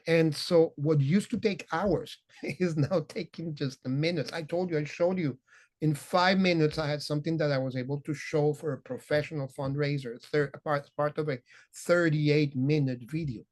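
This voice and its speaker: A man's voice: fairly high pitch, moderate pace, a little mellow. A man presenting a teaching session to art teachers, talking with enthusiasm and effusive praise. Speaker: workshop presenter.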